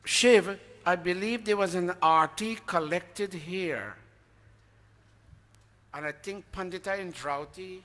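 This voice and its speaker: In a reverberant temple hall, a man gives informal announcements to the congregation, reading donor names in a high, somewhat bright voice at a slow pace. He's chatty about it, stopping to ask the audience things and admitting when names slip his mind.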